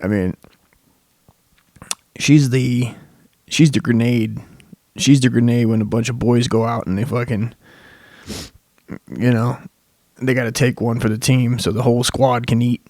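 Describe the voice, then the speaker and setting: A man's voice: mid-range voice, fairly even intonation, unhurried, long pauses, darkish tone, dry recording, studio quality. A young man hosting a comedy podcast, rambling through a crude, profane monologue full of swearing.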